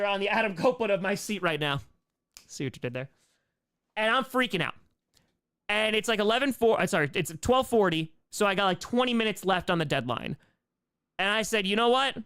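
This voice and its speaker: A man hosting a live Q&A stream, telling a story in a rambling, excitable way with quoted asides. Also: sits high, smooth. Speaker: comedy streamer and host.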